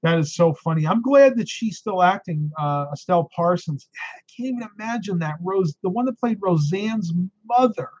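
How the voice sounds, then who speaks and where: A man's voice: high voice, expressive, moderate pace, darkish tone, muffled recording. A man hosting a live stream, chatting casually and answering viewer questions, tired and losing his voice, with frequent ums and laughs.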